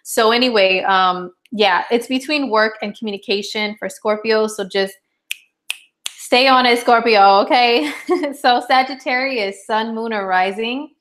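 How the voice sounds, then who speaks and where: A woman astrologer in her thirties giving a casual horoscope chat, chatty and animated, acting out little dialogues and laughing often. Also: fairly high pitch, measured pace.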